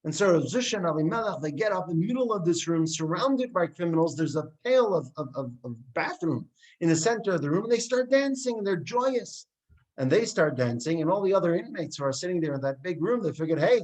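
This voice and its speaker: A man, likely a rabbi, giving a sermon and telling a story, acting out the characters' dialogue with lively expression. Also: on the high side, fairly quick, rough recording. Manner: animated storyteller who acts out the dialogue.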